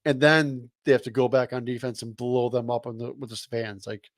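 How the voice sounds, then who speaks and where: A man's voice: medium pitch, level tone, moderate pace, dry recording, studio quality. Profane, fired-up man ranting about sports. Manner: blunt, profane, worked up. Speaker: co-host. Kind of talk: heated sports fan rant.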